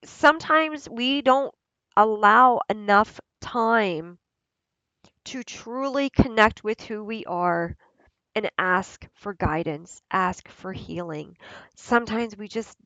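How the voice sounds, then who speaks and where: A woman's voice: medium pitch, slow, bright, forceful tone, no echo, highs cut off. Earnest woman giving a spiritual card reading. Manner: earnest, repetitive, often asks "right?". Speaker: oracle card reader.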